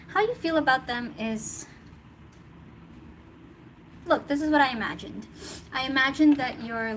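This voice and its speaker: A woman's voice: high-pitched, poor audio. A woman giving a casual tarot reading, chatty and thinking aloud, laughing often. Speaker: tarot reader. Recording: noticeable background noise.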